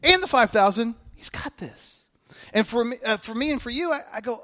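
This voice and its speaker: A man preaching a casual, animated sermon, joking and talking conversationally to his listeners. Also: very high-pitched, normal speed.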